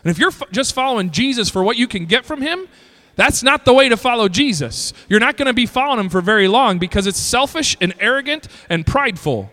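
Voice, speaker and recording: A male pastor preaching a sermon, reading scripture slowly and breaking into shouted bursts. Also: extremely high pitch, expressive, in a large hall.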